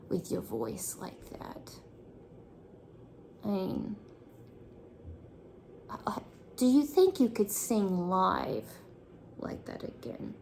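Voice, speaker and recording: A hoarse woman voicing a nosy, mock-sympathetic busybody who fires off prying, sarcastic questions and drops into whispers. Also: mid-range voice, a little mellow, slight background noise. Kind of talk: talking to herself on camera in a persona.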